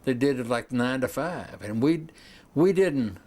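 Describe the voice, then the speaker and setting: A man's voice: mid-range voice, expressive, measured pace, darkish tone. A man in an interview, recalling old times in a wry, conversational way. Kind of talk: casual interview reminiscence.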